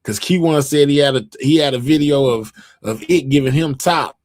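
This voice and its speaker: In a dry, clean studio recording, a livestream host with a mid-range, darkish voice speaks at normal speed. He reads out viewer comments and chats casually, rambling with plenty of fillers and restarts.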